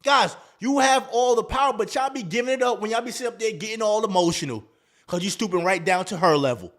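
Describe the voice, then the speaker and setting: A man's voice: sits high, fast talker, fairly bright tone. A man hosting a dating advice talk, in a casual, slangy monologue that acts out quoted lines.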